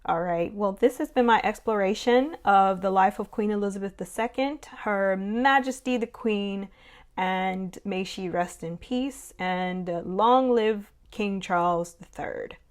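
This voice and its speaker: A woman's voice: mid-range voice, a little slow. A woman talking through history in a casual vlog, conversational and rambling with lots of fillers. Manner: conversational, rambling, many "you know" and "um" fillers. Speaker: history vlogger.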